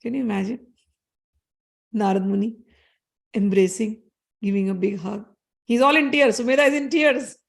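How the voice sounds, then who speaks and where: A woman, a spiritual teacher who tells devotional scripture stories in an animated, expressive way. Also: a little high, vocal fry. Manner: animated, expressive, chants Sanskrit verses rapidly.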